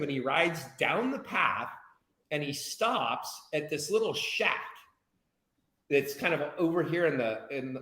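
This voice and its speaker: An American man telling a personal story in an animated, candid way, sometimes swearing. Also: fairly high pitch, roomy sound, low-quality recording. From United States. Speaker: guest speaker. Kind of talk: casual storytelling.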